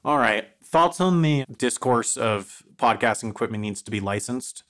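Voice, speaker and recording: A man's voice: medium pitch, expressive, moderate pace, fairly bright tone. A man in his twenties with an American accent, co-hosting a casual podcast in a dry, self-deprecating way. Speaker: podcast co-host. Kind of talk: casual chat.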